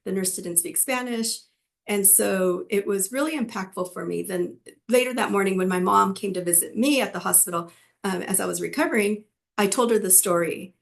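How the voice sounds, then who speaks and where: A middle-aged Californian woman, a physician assistant and educator, shares her personal story with students in a conversational way. Her mid-range voice moves at a normal speed with some vocal fry, and she uses frequent fillers and restarts.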